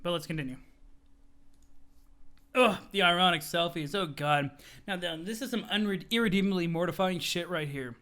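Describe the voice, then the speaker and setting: A young man streaming a live read-along of a webcomic, animated and casual, chatting with his viewers and swearing freely. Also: sits high, normal speed, long pauses.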